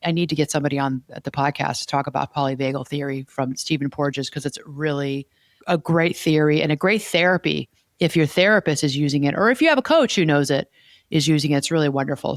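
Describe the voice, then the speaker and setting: A woman's voice: low-pitched, no room sound. Lady therapist teaching on a podcast, repeats points, keeps saying okay, dry close sound. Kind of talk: explanatory podcast talk.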